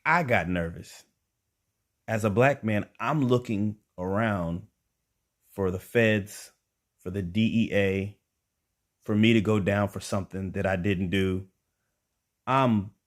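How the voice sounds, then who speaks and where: A young man with a very low voice tells a comedy story on stage. He is animated and acts out each person's lines with rising emphasis. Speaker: stand-up comedian. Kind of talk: stand-up storytelling.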